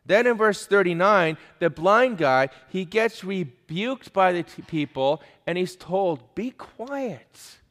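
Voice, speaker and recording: A man's voice: sits high, animated, unhurried, hardly any pauses, fairly bright tone. A male preacher giving an emphatic sermon, pressing his listeners with pointed questions. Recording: long hall reverb.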